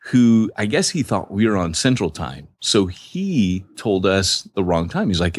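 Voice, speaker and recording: A man's voice: fairly low pitch, very animated, unhurried, few pauses, breathy edge, no room sound. A man co-hosting a podcast, telling rambling jokey stories in casual banter. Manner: joking, rambling storyteller. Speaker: podcast co-host.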